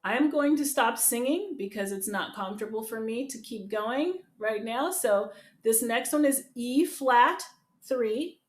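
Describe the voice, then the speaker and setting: A woman's voice: fairly high pitch, lively intonation, a little slow, a little hiss or hum. Upbeat woman voice teacher, echoey. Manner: upbeat, encouraging, talks to chat. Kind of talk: online group voice lesson. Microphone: video call. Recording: echoey room with keyboard.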